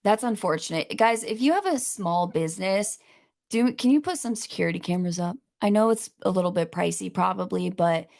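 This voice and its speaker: A woman joins a podcast as a guest, reacting to the story with blunt, sarcastic remarks and the odd curse. Her voice has plenty of vocal fry and a middle pitch, and she talks in a loose, casual way. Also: expressive, fairly quick, a little mellow. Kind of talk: casual true-crime chat.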